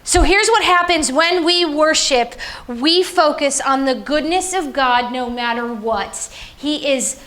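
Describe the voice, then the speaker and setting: A woman in her thirties delivers a sermon built around a personal story. Her voice sits high and sounds bright and forceful. She leans into the emotion and jumps up in pitch whenever she drives a point home. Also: takes it slowly. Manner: emotional storytelling, pitch climbing sharply on emphasis. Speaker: preacher.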